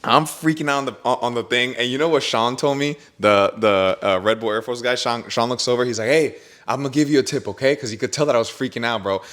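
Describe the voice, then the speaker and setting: A young adult man hosting a podcast, telling a story in casual chat with an animated, slangy manner full of bro and dude. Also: mid-range voice, fast talker, hardly any pauses. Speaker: podcast host.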